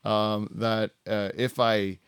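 A man's voice: lowish voice, little pitch movement, slow pace, smooth, dry recording. A middle-aged man, hosting a casual podcast and rambling freely between laughs, with swearing along the way. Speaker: podcast host. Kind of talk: casual chat.

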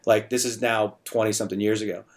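A man's voice: on the low side, steady tone, quick pace. A middle-aged man in a casual podcast conversation, talking about his bar in a chatty, storytelling way, full of restarts and fillers. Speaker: bar owner and bartender guest.

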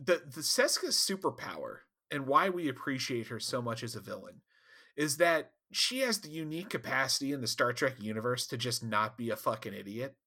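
A man co-hosting a casual podcast, recapping an episode in an animated, laughing and profane way. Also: medium pitch, a little fast. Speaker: podcast co-host. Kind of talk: casual chat.

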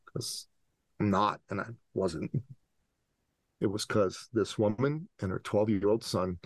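A man in his forties from the Middle East, a podcast guest and business coach telling an animated, dramatic story. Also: fairly low pitch, gravelly, husky, no room sound. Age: 40s. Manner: dramatic, acts out scenes with voices.

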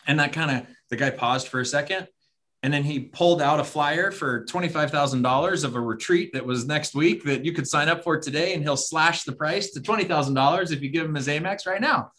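A man in a casual podcast chat, with a voice that sits a little higher than most men's. He rambles through his story, trailing off and correcting himself as he goes, with plenty of filler words. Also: a little fast, bright, forceful tone. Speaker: podcast co-host.

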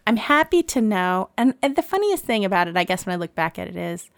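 This woman in her forties talks fast at medium pitch, recorded in clean studio sound with no echo. She tells a personal story in a casual, lively way, performing the dialogue and laughing often.

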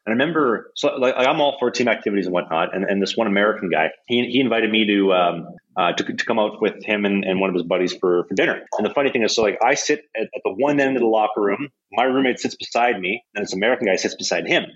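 A young man, a hockey goalie telling stories in a casual, profane, animated way with lots of restarts. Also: lowish voice, fast, hardly any pauses, breathy edge, muffled recording. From Canada. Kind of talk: casual storytelling chat.

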